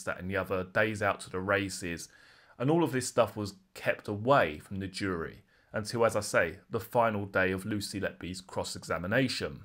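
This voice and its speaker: A man, recounting a courtroom trial he attended in a chatty, conversational way. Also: lowish voice. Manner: conversational, lively re-enactment of courtroom exchanges. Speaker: true crime vlogger. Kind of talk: casual spoken recounting.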